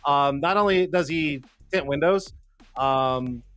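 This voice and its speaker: A man's voice: a little high, slow pace, a bit bright, clean tone. A man hosting a live-stream show in casual chat, rambling and cursing, joking at his own expense while fumbling with the setup. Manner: rambling, cussing, self-deprecating, jokey; flustered, talking to himself while fixing tech. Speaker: livestream show host. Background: faint background music.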